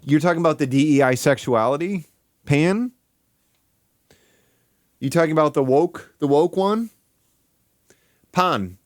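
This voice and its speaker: A man from Michigan chats casually on a live stream, goofy and crude, rambling along with giggles and sudden high yelps. The sound is smooth and clean, studio-quality with no room sound.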